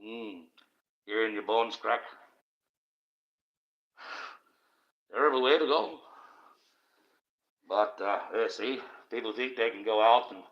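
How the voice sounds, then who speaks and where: A man's voice: lowish voice, slow, pauses often. A man from Australia who hosts a livestream and gives a profane, rambling monologue, swearing often and repeating himself. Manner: coarse, swearing, repetitive ranting. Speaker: livestream host. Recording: dull lo-fi stream audio.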